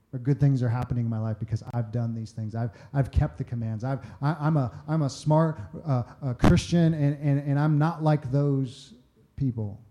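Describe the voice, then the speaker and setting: A man's voice: medium pitch, mellow. A man preaching a conversational sermon, often acting out quoted voices and repeating words as he starts sentences. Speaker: pastor.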